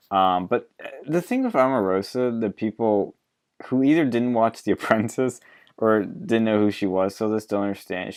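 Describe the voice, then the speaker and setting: Brief: low-voiced man hosting a podcast, blunt, swears freely. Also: darkish tone. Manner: blunt, profane, laughs often. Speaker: podcast host. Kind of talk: casual political chat.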